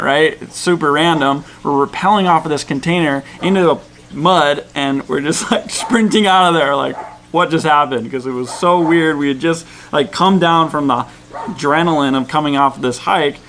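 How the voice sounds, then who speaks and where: A man's voice: on the high side, steady tone, normal speed, a bit bright, a little hiss or hum. A man vlogging about a canyoning trip, talking in a laid-back, rambling way with plenty of fillers. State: cold and tired. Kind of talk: casual vlog storytelling. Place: outdoors in a jungle canyon at dusk.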